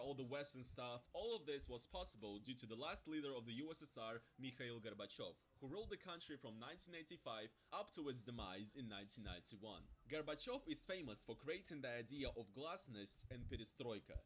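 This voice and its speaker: A man's voice: medium pitch, expressive, a little fast, few pauses, fairly bright tone, husky. A man narrating a video essay in a chatty, informal way, with asides to the viewer.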